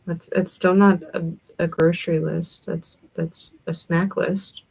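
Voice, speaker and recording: A woman's voice: fairly low pitch, little pitch movement, a little slow, gravelly, husky, low-quality recording. A young woman with a Southern accent hosting a livestream, chatting in a rambling way and answering comments from her viewers. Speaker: livestream host. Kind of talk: casual chat with viewers.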